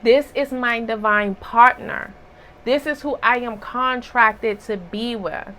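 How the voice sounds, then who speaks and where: Slow, bright-voiced woman giving a spiritual reading. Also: a little high, a little hiss or hum, poor audio. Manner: emphatic and preachy, with rhetorical asides. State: slightly hoarse. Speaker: spiritual reader.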